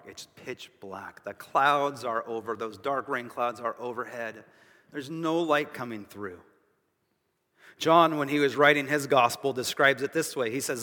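A man's voice: medium pitch, fairly bright tone. A man preaching a sermon as pastor, emphatic and repeating phrases for stress, with casual asides to the congregation. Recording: long reverb of a large hall.

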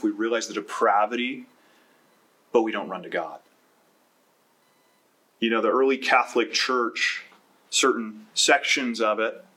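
A man preaching a sermon as pastor, telling stories and acting out voices with lively energy. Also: mid-range voice. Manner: storytelling with animated acted-out voices.

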